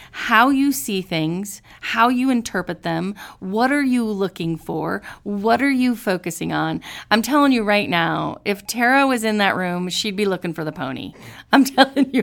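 A woman hosts a motivational podcast in a loose, chatty way. She sounds upbeat and encouraging, with a gravelly edge of vocal fry. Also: medium pitch. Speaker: podcast host. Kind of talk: casual motivational podcast chat.

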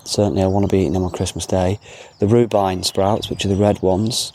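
This podcast host has a deep, flat voice with a dark tone, talking fairly quickly. He chats casually as he strolls around an allotment outdoors, drifting into rambling, self-deprecating asides.

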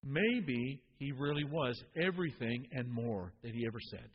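A man's voice: mid-range voice, lively intonation, moderate pace, few pauses, big-room sound, highs cut off, slight background noise. A man preaching a sermon, earnest, often repeating words as he builds to a point.

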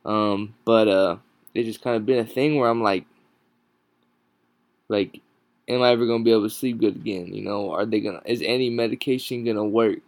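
A man hosting a podcast from home without a proper microphone, exhausted and yawning, talking haltingly with many pauses and restarts. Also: lowish voice, no echo. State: exhausted, sleep-deprived. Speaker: podcast host. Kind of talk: casual solo podcast talk. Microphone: no proper microphone, home recording.

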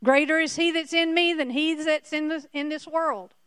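A woman's voice: sits high, steady tone, normal speed, fairly bright tone, no echo, studio quality. A woman preacher giving a sermon emphatically, repeating her points to the congregation.

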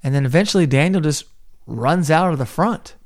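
A man's voice: fairly high pitch, lively intonation, brisk, a little mellow. A man co-hosting a podcast, casually breaking down a movie scene by scene and acting out the characters' lines. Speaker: podcast co-host.

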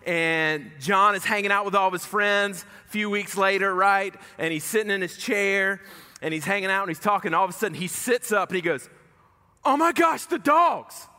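A man's voice: high-pitched, fairly quick. A male pastor preaching a sermon, telling a story animatedly and acting out the voices of its people. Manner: animated, acts out the story's voices, conversational fillers. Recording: long hall reverb.

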